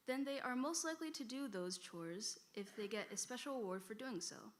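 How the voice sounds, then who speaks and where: A woman's voice: a little high, lively intonation, moderate pace, hardly any pauses. A female student debater making a rebuttal in a church hall, posing rhetorical questions to the audience.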